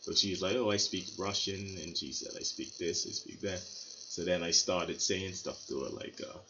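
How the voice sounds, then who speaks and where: A man's voice: low-pitched, moderate pace. A man from Bermuda casually telling stories to his vlog audience, rambling with many fillers and restarts. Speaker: vlogger. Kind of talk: casual storytelling to camera. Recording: slightly dull lo-fi sound with faint noise.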